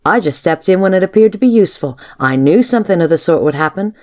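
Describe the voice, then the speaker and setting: A woman reading the lines of a calm, dutiful young female servant in a storybook, pitching her voice a little higher. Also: fast talker, lightly acted. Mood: cool.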